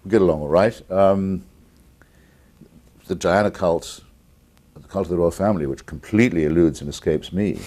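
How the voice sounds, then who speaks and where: An English man, an author who is the guest on a call-in television interview, speaking deliberately and articulately with blunt opinions. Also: deep voice, warm tone. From England.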